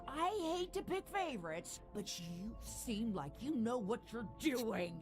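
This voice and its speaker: A prim, haughty British executive in a video game, unhurried and sweeping through a very wide pitch range. Her dry, faintly exasperated delivery sits over clear background music. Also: big pitch swings. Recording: game audio with music behind.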